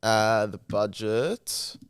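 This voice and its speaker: A man's voice: fairly low pitch, very slow, clean tone, no echo, studio quality. A man on a podcast reading out figures in a matter-of-fact, hesitant way. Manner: matter-of-fact, hesitant while looking things up. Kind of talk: casual chat.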